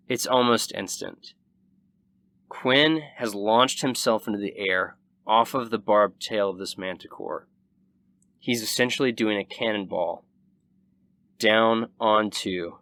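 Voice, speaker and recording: A young man in the role of game master, narrating a tabletop game in a vivid, relaxed way. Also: on the low side.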